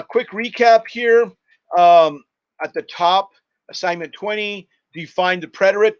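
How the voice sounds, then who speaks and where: A man with a fairly high voice teaches a recorded online class. He explains grammar step by step, repeats important points and drops in a frequent "uh". The audio is dull and lo-fi, as from a computer microphone. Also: fairly bright tone. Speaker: Spanish teacher.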